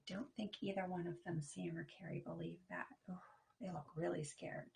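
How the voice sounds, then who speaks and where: A woman, a kindergarten teacher, reading a picture book aloud to young children in an expressive, playful way and talking to them directly. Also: fairly low pitch, normal speed, gravelly.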